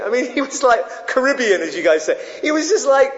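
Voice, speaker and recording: A man's voice: very high voice, sing-song, brisk, a bit bright. A man preaching a sermon as a pastor, conversational and given to digressions. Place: church. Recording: echoey hall, dull sound.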